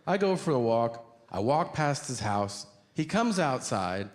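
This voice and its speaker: A middle-aged man telling a stand-up story in a deadpan way and acting out the other people in it. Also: mid-range voice, measured pace. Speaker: stand-up comedian. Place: theater stage before a laughing audience. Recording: live stage recording with audience noise.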